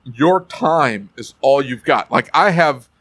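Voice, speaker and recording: A man's voice: mid-range voice, takes it slowly, no room sound. A middle-aged man co-hosting a casual podcast, talking bluntly and animatedly about running a shop. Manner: blunt, animated, acts out yelling at customers and techs. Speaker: podcast co-host, shop owner.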